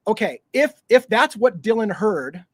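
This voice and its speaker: A man co-hosting a podcast who talks excitedly and swears freely. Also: high-pitched, a little slow, breathy edge, dry recording. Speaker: podcast co-host. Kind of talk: casual podcast chat.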